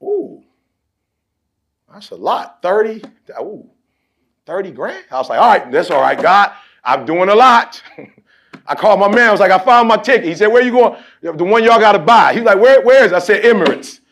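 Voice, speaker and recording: High-pitched man preaching motivation. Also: lively intonation, moderate pace, creaky, a bit bright. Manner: preachy, repetitive call-and-response, folksy storytelling. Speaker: motivational speaker addressing a team. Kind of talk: animated motivational speech with storytelling.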